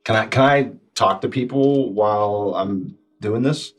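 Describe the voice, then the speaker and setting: Male player, very low and husky, relaxed short answers. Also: a little slow, low-quality recording. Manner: brief, easygoing replies. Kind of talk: casual tabletop play.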